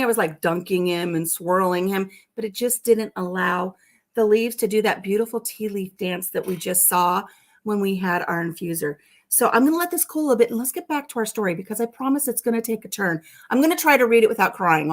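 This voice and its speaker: Hosting a casual live stream, a woman with a medium-pitched voice reads viewer comments aloud and answers them. She also tells a story, dropping in soft asides.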